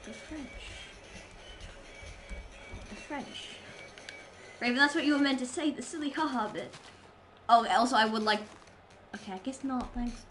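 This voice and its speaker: A woman's voice: on the high side, a little fast, a bit bright, soft background music. A young adult woman streamer chatting casually while gaming, rambling and silly as she goes. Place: home streaming setup.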